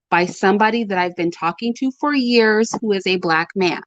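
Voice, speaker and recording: A woman's voice: medium pitch, dry recording, highs cut off. A woman, hosting her own commentary channel and speaking to her audience with emphatic, repeated warnings. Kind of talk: direct-to-camera commentary.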